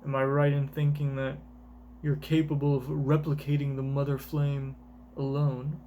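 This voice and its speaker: A man voicing a stern elderly male ruler in a measured, formal, quietly commanding way while reading a manga aloud in voices. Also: medium pitch, completely flat delivery, slight background noise, natural voice.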